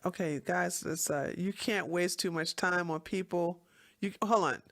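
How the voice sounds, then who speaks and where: A woman's voice: fairly low pitch, unhurried, a bit bright. A woman hosting a livestream, ranting bluntly and heatedly with lots of swearing, and stopping to read viewer comments. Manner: reads viewer comments aloud. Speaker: livestream host. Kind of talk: profane livestream rant.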